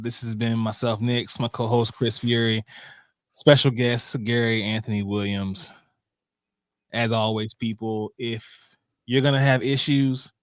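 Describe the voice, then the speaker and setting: A man's voice: mid-range voice, clear, resonant tone, no room sound, studio quality. A man hosting a podcast, chatting casually and telling stories with frequent laughter. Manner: lively storyteller, laughs often. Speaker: podcast host. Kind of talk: casual chat. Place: video-call podcast.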